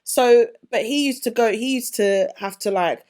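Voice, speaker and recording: A woman co-hosting a podcast in casual chat, expressive and acting out quotes. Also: on the high side, normal speed. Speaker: podcast co-host.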